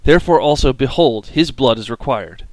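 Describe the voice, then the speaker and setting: A man's voice: medium pitch, lively intonation, normal speed, darkish tone, dry recording, lightly acted. A man reading as a reproachful eldest brother. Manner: reproachful, raised voice. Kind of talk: scripted scripture reading.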